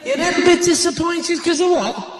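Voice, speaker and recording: A man's voice: very high voice, brisk, background noise. A male stand-up comedian doing brash, sweary banter with the crowd, recorded live on stage in a large theatre.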